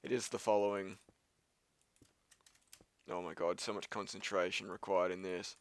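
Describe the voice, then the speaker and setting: Dude doing let's play commentary, kinda low voice, rambles and swears a bunch, lots of ums, dry sound. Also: male voice, little pitch movement, moderate pace, smooth, no echo. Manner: rambling and self-mocking, swears casually, many ums. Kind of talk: gameplay commentary.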